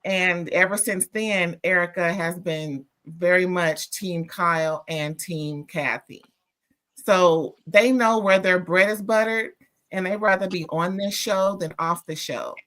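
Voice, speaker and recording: A woman hosting a gossip panel, laying out background and asking follow-up questions. Her voice sits a little lower than most women's. She speaks in a plain, conversational way. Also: measured pace, fairly bright tone. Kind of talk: casual gossip chat. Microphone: remote call.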